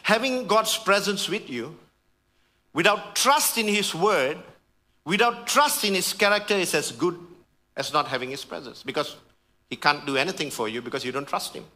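A man preaching a sermon as pastor, fervent, dropping to hushed tones and rising to raised emphasis, calling out to the congregation. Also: on the high side, expressive, normal speed. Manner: calls out to the congregation.

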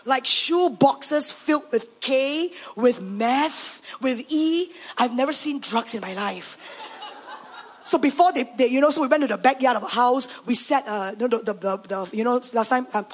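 A Singaporean woman pastor telling her story in a sermon, animated and sprinkling in Singlish particles. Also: on the high side, normal speed, slight background noise. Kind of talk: sermon testimony.

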